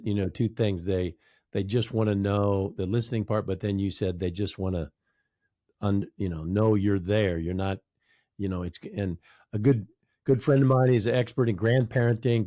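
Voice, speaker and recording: A man's voice: on the low side, mellow, dry recording, studio quality. A man hosting an interview, affirming his guest and linking the guest's points to his own anecdotes. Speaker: podcast host.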